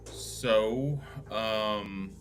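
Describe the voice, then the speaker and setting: A man playing a tabletop role-play game, speaking in a hesitant, halting way with many ums. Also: fairly low pitch, fairly bright tone, soft background music. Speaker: player.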